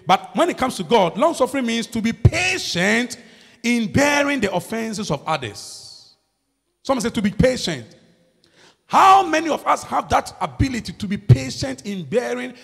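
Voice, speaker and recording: A man preaching a sermon as pastor, swinging between loud shouts and low murmurs. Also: very animated, moderate pace, vocal fry, husky. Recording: long hall reverb.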